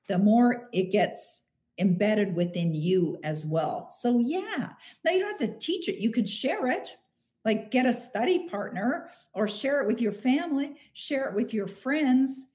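Warm and emphatic, this middle-aged woman answers listeners' questions on her motivational live stream in a mid-range voice, deliberately slowing on the phrases she most wants to land.

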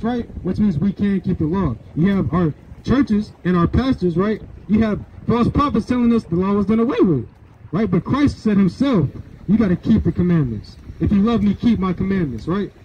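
A man's voice: high voice, animated, normal speed, dark tone. A man preaching on the street to a passerby, asking for verses and tagging "right?" onto his points. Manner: preachy, asks for verses and keeps saying "right?". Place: outdoors on a street. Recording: dull lo-fi sound, faint outdoor noise.

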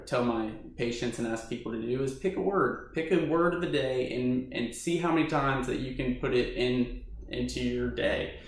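A man giving earnest, encouraging advice straight to his viewers in a casual vlog. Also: mid-range voice. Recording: very echoey room.

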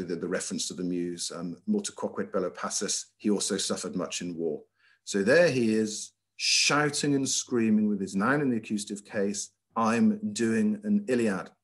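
Emphatic middle-aged headmaster lecturing. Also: male voice, on the low side. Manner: lively, emphatic, with frequent ums and uhs. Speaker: school headmaster giving a talk. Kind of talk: lecture with slides. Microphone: video call.

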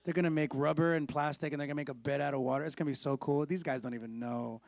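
A preacher voicing a laid-back, sleepy Jesus who talks in relaxed slang. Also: male voice, on the high side, racing, gravelly, dry recording, clean studio sound, voice pushed down. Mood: dreamy. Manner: drowsy, relaxed slang, drawled.

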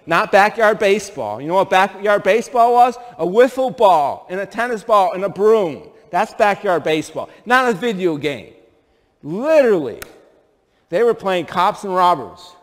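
A man's voice: sits high, expressive, normal speed. A middle-aged man from upstate New York preaching a sermon, telling stories and firing rhetorical questions at the congregation. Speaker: pastor. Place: church sanctuary. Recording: long church hall reverb.

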